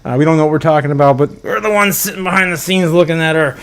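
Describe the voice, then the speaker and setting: A man's voice: fairly high pitch, fast talker. A man hosting a casual livestream, chatting and reading out viewer comments with frequent chuckles and restarts. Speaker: livestream host.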